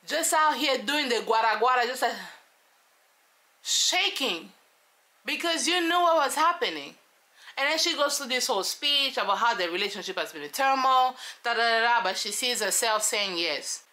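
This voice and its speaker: A woman giving sassy, animated commentary on a reality show, talking straight to her viewers. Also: fairly high pitch. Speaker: show reviewer.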